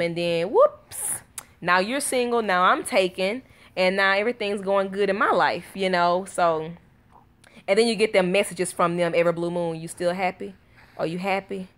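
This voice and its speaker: A woman's voice: fairly low pitch, clean tone. Tired woman just chatting w her viewers at home, y'all this y'all that, easygoing storytelling. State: tired from little sleep. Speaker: vlogger. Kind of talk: casual chat to viewers.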